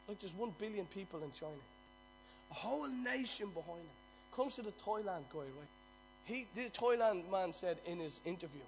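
A man delivers a sermon in a notably high voice. He moves between hushed, close storytelling and loud, rousing proclamation. Faint music plays behind him. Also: lively intonation, normal speed, rough recording. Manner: swings from hushed storytelling to loud emphatic preaching. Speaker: preacher.

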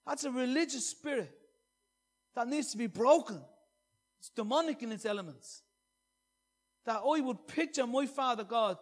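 Male preacher with a high voice, earnest, shifting from loud emphasis to hushed scripture. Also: animated, moderate pace, long pauses. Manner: earnest, swinging between loud emphasis and soft hushed reading. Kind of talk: sermon.

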